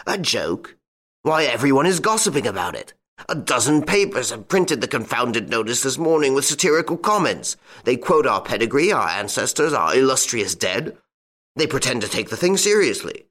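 A man's voice: medium pitch, sing-song, moderate pace, a bit bright, pitched above the performer's own voice. Man playing a fuming proud old duke. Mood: indignant. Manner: blustering and indignant. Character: proud, wrathful old aristocrat father.

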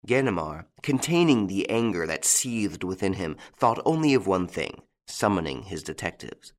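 A man reading a novel aloud as narrator, with an expressive storytelling delivery. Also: sits low, moderate pace, few pauses. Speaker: audiobook narrator. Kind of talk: scripted narration.

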